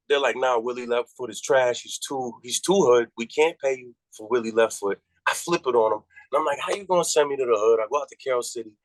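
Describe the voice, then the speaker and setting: A rapper from Massachusetts in his thirties tells a long story in loose, profane talk. His voice sits at a medium pitch and leaps up when he acts out his own reactions. The sound is close and dry, with no room around it. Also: dry recording, poor audio. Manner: animated, profane, jumps high in pitch on quoted reactions. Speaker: rapper guest. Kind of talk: casual storytelling.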